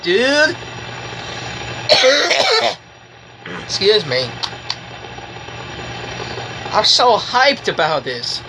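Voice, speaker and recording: Giggly, very slow-talking excited woman. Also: medium pitch, background noise. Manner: gushing, giggly, repeats exclamations. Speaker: toy reviewer. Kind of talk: excited toy review vlog.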